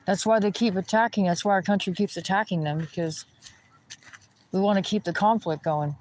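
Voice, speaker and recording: A man's voice: high voice, fairly even intonation, fairly quick, darkish tone, low-quality recording. A man ranting in a rambling, indignant way while walking outdoors by a pond. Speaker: vlogger.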